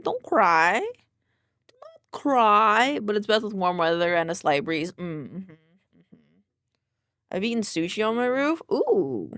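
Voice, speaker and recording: Laid-back young woman streamer, drowsy chatter and soft rep counting, mid voice, dry. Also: mid-range voice, dry recording. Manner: sleepy, laid-back, chatting while counting exercise reps. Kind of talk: casual chat with live chat.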